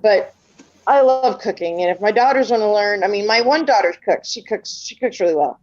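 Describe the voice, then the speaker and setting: A woman's voice: mid-range voice, lively intonation, a little fast, darkish tone, dull audio. A middle-aged woman in casual group voice chat, telling family stories with lots of chatty asides. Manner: chatty storyteller acting out family dialogue. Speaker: panel participant.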